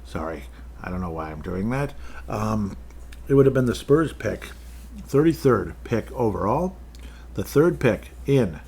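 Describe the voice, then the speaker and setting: Male podcast host, lowish voice, digressive casual rant style with chuckles, faint room noise. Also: lively intonation, measured pace, gravelly, darkish tone. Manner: rambling, self-interrupting, digressive; chuckles often, offhand ranting. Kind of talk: casual solo sports talk.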